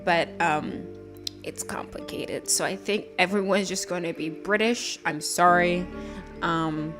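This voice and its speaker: A woman's voice: lowish voice, unhurried. A tired woman streamer chatting casually on a live stream, rambling with lots of fillers. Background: background music.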